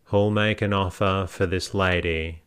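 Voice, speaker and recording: A man's voice: low voice, steady tone, a little slow, a bit bright, clear, resonant tone. A man voicing a short village auctioneer with a damp voice, calling out bids.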